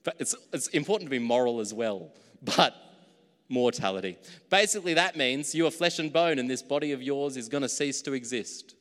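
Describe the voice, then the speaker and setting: Pastor preaching in a reverberant hall. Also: male voice, medium pitch, expressive, fairly quick, a bit bright. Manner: conversational, jokes at his own slips. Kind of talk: sermon.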